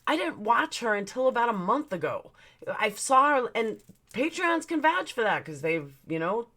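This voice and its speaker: Heated, animated woman ranting on stream. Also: mid-range voice. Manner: heated, profane, greets chatters mid-rant. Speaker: livestream host. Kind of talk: casual livestream rant.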